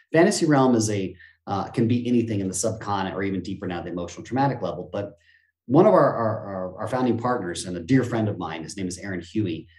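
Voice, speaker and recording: Middle-aged male guest, animated pitch, roomy echoey recording, motivational energy. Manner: energetic, expansive, motivational speaker's delivery. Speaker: interview guest. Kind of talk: animated conversational interview. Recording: roomy echo.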